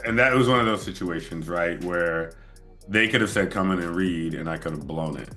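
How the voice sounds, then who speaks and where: A man with a very low voice hosts a casual sit-down interview. His tone is bright and forceful as he tells a loose, relaxed story. He laughs easily along the way. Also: normal speed, faint music behind. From moved to LA as an adult. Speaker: podcast host.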